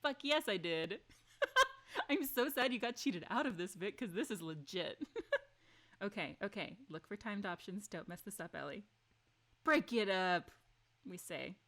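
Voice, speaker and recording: A woman streaming a story game, reading its lines aloud and chatting with her viewers, excitable and quick to gasp and swear. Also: mid-range voice. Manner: excitable, gasping, laughing and swearing between read lines.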